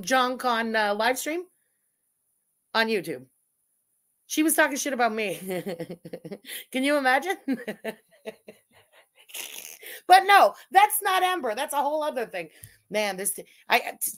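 A woman's voice: fairly high pitch, fairly bright tone. A woman streamer giving crude, mocking live reaction commentary, thanking super chats and often laughing.

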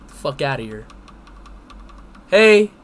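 A young man streaming live while video chatting with strangers, excitable and prone to loud outbursts. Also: fairly high pitch, slow.

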